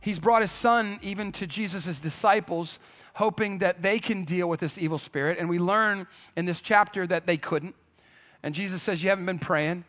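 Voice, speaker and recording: A man preaching a sermon as pastor, lively and joking, calling out to the congregation. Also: high-pitched.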